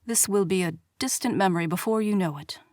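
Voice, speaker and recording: A woman's voice: mid-range voice, brisk, darkish tone, dry recording, studio quality, natural voice. A woman reading the part of a charming, cocky young prince, easygoing and playful, in an audiobook.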